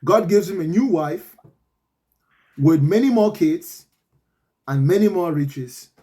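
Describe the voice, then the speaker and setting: Male host, lively and argumentative, strongly varied pitch, casual chat. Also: slow pace. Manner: animated, argumentative storytelling. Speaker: podcast host.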